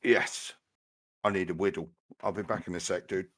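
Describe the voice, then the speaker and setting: A man's voice: low-pitched, fairly even intonation, moderate pace, fairly bright tone. A man giving upbeat, bantering commentary on a game stream.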